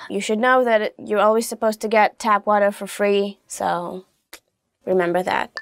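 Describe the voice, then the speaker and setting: A woman teaching phrases in a casual video lesson, chatty and quick to laugh, dropping into soft asides now and then. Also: medium pitch, level tone, dry recording, clean studio sound. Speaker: language teacher.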